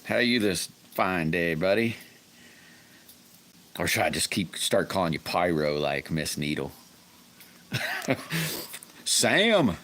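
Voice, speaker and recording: Deep-voiced man chatting on a livestream. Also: fairly bright tone, a little hiss or hum. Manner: greets chat viewers by name, rambling and self-correcting. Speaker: livestream host. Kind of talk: casual live-stream chat.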